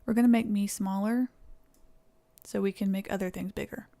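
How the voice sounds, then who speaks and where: A woman's voice: mid-range voice, fairly even intonation, moderate pace, mellow. A young woman from East Tennessee with a Southern accent, chatting casually with viewers on a live stream and thanking them. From East Tennessee, USA.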